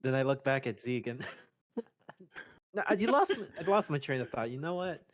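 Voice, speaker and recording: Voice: mid-range voice, big pitch swings, moderate pace. A player in a tabletop game who speaks hesitantly and giggles often.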